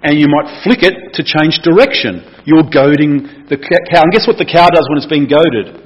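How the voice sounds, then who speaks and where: Husky-voiced man preaching. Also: a little high, moderate pace, dull audio. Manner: chatty and playful, asks the room questions. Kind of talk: casual sermon.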